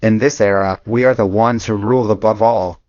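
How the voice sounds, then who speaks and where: A man's voice: lowish voice, fairly even intonation, normal speed, darkish tone, lightly acted. A man reading the lines of an arrogant, scheming male moon god in an audio story, insulting and boastful. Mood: contemptuous. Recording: dull lo-fi dry audio.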